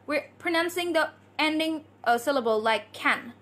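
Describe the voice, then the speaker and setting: A woman teaching English on a live stream, chatty, reading out viewer comments and drilling tongue twisters slowly. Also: high-pitched, fairly bright tone.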